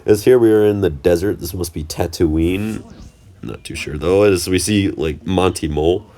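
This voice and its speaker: Young male vlogger, low-pitched, loose joking voice-over with plenty of stumbles. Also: moderate pace, warm tone. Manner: rambling, jokey, self-correcting. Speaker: channel host. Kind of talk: casual vlog commentary over trip footage.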